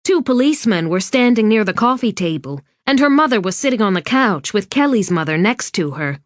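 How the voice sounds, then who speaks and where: A woman narrating a suspense novel in a measured, even scripted reading. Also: mid-range voice, no room sound. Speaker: audiobook narrator. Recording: dry studio read.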